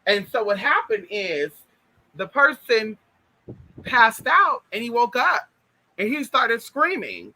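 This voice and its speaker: A man telling spiritual stories in an animated, chatty way, talking straight to his listeners. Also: very high-pitched, takes it slowly, low-quality recording. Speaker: spiritual vlogger. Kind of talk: casual spiritual storytelling.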